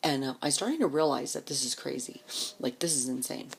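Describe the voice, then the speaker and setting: A woman telling a personal story in a casual, blunt, profane way, dropping into hushed whispered asides. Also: extremely low pitch, brisk, creaky, husky.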